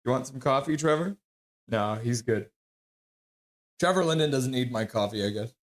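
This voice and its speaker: A man's voice: medium pitch, normal speed. A middle-aged man hosting a hockey livestream, chatting casually and greeting viewers by name. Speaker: livestream host reading chat. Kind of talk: casual hockey pregame stream chat.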